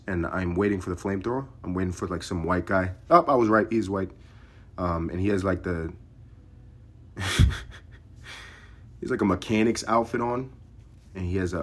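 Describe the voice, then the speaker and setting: A man hosting a solo comedic podcast, ranting in a profane, sarcastic way that swings from loud outbursts to low mumbling. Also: slightly rough. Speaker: podcast host.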